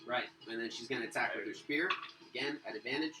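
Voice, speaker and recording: A man narrating a tabletop game as game master, animated and storytelling. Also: mid-range voice, quick pace, music in the background. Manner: animated storyteller, acts out monsters. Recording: roomy, distant mic.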